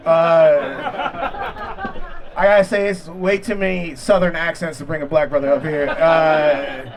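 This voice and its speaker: A man with a high voice performs a relaxed, conversational stand-up set outdoors. He makes fun of himself and chats with the audience between punchlines, speaking into a handheld stage mic. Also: a little slow, music in the background. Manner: conversational, self-deprecating punchline delivery with crowd asides. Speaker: stand-up comedian. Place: outdoor backyard comedy show.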